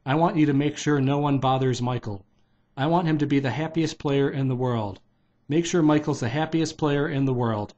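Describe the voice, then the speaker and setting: A man's voice: mid-range voice, moderate pace, darkish tone, highs cut off, lightly acted. A man reading as a bossy baseball manager. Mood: commanding. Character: minor-league baseball manager, gruff and bossy.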